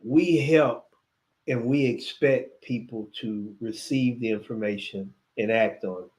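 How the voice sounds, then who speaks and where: A man's voice: medium pitch, steady tone, a little slow, darkish tone. A man co-hosting a casual DJ podcast. He speaks in a reflective, advice-giving way and falls easily into laughing banter with his co-host. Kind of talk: casual chat.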